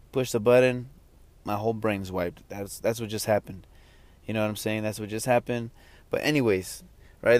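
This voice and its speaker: A man's voice: mid-range voice, dry recording. A young adult man hosting a podcast, rambling in a casual, slangy and self-mocking way. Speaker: podcast host.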